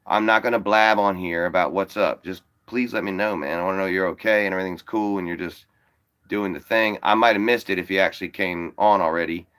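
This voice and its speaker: A man's voice: low voice, steady tone, brisk, fairly bright tone, clear, resonant tone. A man hosting a live call-in show, chatting casually and rambling to his viewers with plenty of swearing. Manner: rambling and profane; talks to viewers directly. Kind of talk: casual livestream chat.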